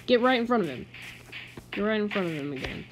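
A woman's voice: mid-range voice, animated, quick pace, noisy background. Chatty woman narrating a video game. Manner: chatty, exasperated, talks to game mobs. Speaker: gaming channel host. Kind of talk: casual gameplay commentary.

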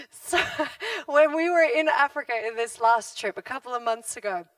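A woman's voice: a little high, normal speed, no echo, far from the mic. A middle-aged woman pastor preaching a sermon, telling stories with frequent laughter. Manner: laughs often, animated storytelling. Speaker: guest pastor. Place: church hall.

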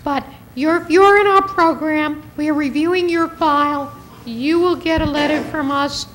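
A woman official reassuring audience members at a forum, direct and calm. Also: high voice, moderate pace, slight background noise, rough recording. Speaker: fund official answering questions. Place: public forum.

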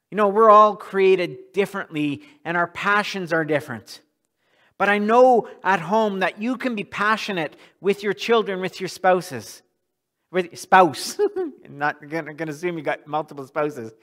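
A man's voice: sits high, bright, forceful tone. A male pastor preaching a sermon in a church, earnest and often repeating words as he restarts a thought.

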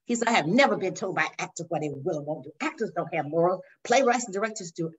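An older woman minister sharing her testimony in a faith interview, telling it with lively storytelling and acting out the voices. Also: on the low side, fast talker, a little hiss or hum. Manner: animated storytelling, acts out voices, addresses listeners as y'all. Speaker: guest minister. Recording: dull lo-fi sound.

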